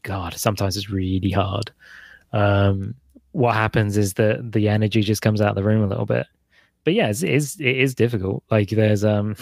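Man, forties, gravelly, dry close sound, rambling parenting chat. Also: a little mellow, no room sound. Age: 40s. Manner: rambling, acts out his son's and his own lines in a higher voice. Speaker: podcast co-host. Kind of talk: casual podcast chat about parenting.

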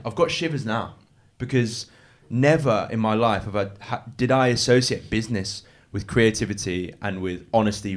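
Earnest man, low voice. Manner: earnest, gushing, restarts often. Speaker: guest. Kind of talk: emotional casual chat.

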